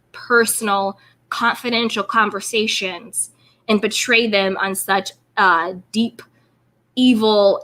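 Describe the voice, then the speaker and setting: A woman hosts an interview in a bright, pushed, mid-range voice. She talks casually and emphatically, circling back over the same words and leaning on "like" as filler.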